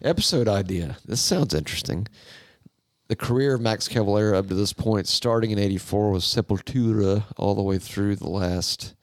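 A man co-hosting a podcast, reading listener email haltingly and trading crude wisecracks. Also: fairly low pitch, no echo, studio quality. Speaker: podcast co-host. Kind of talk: casual chat.

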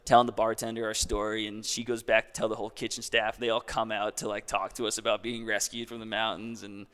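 A man's voice: lowish voice, flat delivery, quick pace, a bit bright, long reverb tail. A young man casually telling a long story as a guest, in a laid-back way full of "like".

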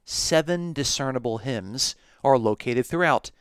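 A man teaching a recorded Bible lesson, measured and emphatic on key words. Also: mid-range voice, animated, smooth, no echo, clean studio sound.

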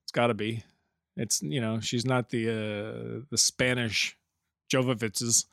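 A man's voice: mid-range voice, fairly even intonation, measured pace, creaky, a bit bright, dry recording, clean studio sound. A man co-hosting a podcast in casual chat, joking and rambling, laughing often. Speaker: podcast co-host.

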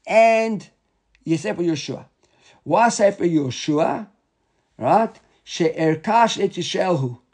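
A man's voice: on the high side, a little mellow. A man with a slightly raised voice leads a class. He reads the source passages aloud, then explains them in plain English, stumbling over and repeating words as he thinks. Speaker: Talmud teacher. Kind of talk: Talmud class lecture.

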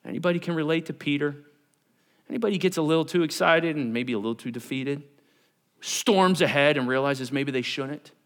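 A man preaching a sermon to his congregation, animated and conversational, acting out Bible characters in everyday voices. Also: fairly high pitch, brisk. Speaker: pastor.

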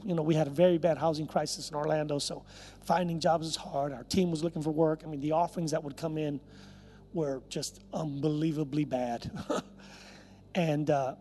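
A man pastor preaching a sermon, telling a personal story and then rising into a loud, impassioned prayer. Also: a little high. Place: church service.

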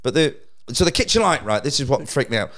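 A man's voice: mid-range voice, big pitch swings, fast talker, a bit bright. A man, a stand-up comedian telling a sweary anecdote in casual chat and laughing through the punchlines. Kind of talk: casual podcast chat, storytelling.

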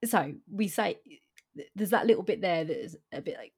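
A woman's voice: on the low side, lively intonation, normal speed, husky. A woman co-hosting a podcast, talking casually about a novel with lots of ums and restarts, sometimes reading passages aloud. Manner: hesitant, many ums and restarts. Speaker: podcast co-host.

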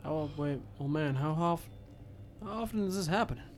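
A man's voice: fairly high pitch, lively intonation, normal speed, slight background noise. A man playing a tabletop game, joking and swearing casually. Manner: joking, profane banter. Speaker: player. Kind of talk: casual chat.

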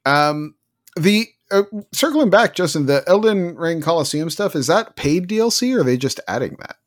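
Animated sarcastic man chatting games. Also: fairly high pitch, normal speed. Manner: animated, sarcastic, puts on mocking voices. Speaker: podcast co-host. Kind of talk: casual gaming news chat.

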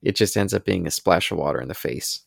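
A man's voice: low-pitched, fast, gravelly, breathy edge, no room sound, clean studio sound. A man co-hosting a podcast, casually recapping scenes of a cartoon in long descriptive runs. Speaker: podcast co-host.

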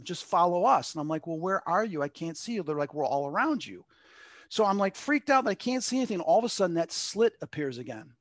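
A high-voiced middle-aged medium from Long Island, New York, guests on an interview and wanders through a personal story. He acts out quotes full of "like," captured in clean studio sound with no echo.

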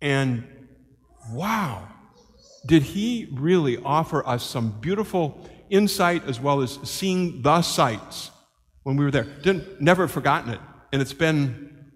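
A man in his sixties, a priest preaching a homily as a lively story and acting out the voices of the people in it. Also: a little high, takes it slowly, big-room sound. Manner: animated, acts out quoted voices. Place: church.

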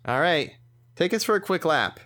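A man's voice: fairly high pitch, expressive, moderate pace, pushed and bright. A man playing a tabletop role-playing game in a playful, sometimes exasperated way. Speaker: player.

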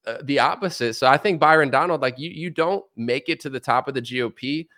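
A man hosting a casual podcast, trading jokes and sarcastic asides as he talks politics. His voice sits at a middle pitch and moves around a lot as he acts out what others might say. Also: a little fast. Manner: joking, animated, sarcastic asides. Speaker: podcast host.

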